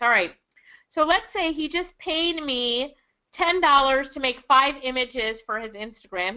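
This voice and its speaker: A high, bright-toned woman with a Jamaican accent talks through a screen-share lesson in an enthusiastic, chatty way. The audio is a little dull and lo-fi, like a computer mic. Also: smooth. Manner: enthusiastic, chatty, laughs often. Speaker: online income instructor.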